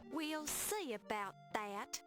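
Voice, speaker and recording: An actress playing a prim, sharp-tongued young woman in an old adventure game, speaking dryly. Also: a little high, lively intonation, slow, loud music behind the voice. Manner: dry, cool and sarcastic.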